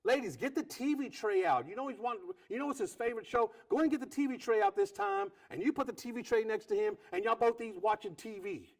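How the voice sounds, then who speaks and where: A man preaching with great energy, his pitch swinging widely from hushed, low asides to bright, high bursts. He keeps repeating phrases and acts out little dialogues between husbands and wives. His voice sits fairly high for a man. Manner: animated preacher, quick repetitions and acted-out quotes. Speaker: pastor. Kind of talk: sermon.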